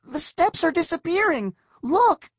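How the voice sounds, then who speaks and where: A man voicing a bold, cheerful young girl who talks briskly and a little bossily in a children's audiobook. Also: sits high, wildly swooping pitch, breathy edge, no room sound, highs cut off, voice pushed up, heavily acted. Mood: alarmed.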